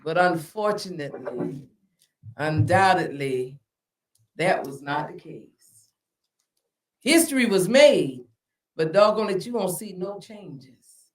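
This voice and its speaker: Slow emphatic woman, echoey room. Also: fairly low pitch, expressive. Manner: slow, emphatic, preacherly, repeats lines for stress. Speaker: alderwoman and podcast host. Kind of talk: casual podcast interview. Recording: echoey room, far from the mic.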